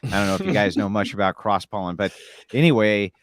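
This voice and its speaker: A man's voice: fairly low pitch, expressive, fast talker, a little hiss or hum. A man from California ranting emphatically in a casual livestream chat.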